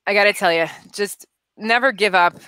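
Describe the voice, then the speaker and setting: A young adult woman, an actress and producer, chatting as a guest and telling lively stories with frequent laughs. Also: medium pitch, moderate pace, clean tone, dry recording. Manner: animated storyteller, laughs often. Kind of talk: casual interview chat.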